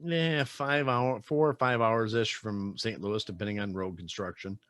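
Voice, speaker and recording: A man's voice: on the low side, fairly even intonation, moderate pace, fairly bright tone, no echo. A man with a Wisconsin accent hosting a podcast interview, chatty and joking, often repeating his words. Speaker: podcast host. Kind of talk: casual interview chat.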